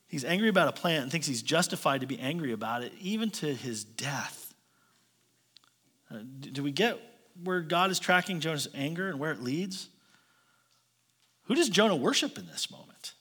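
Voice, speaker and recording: Male pastor, high and bright voice, animated sarcastic storyteller. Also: normal speed. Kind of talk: sermon.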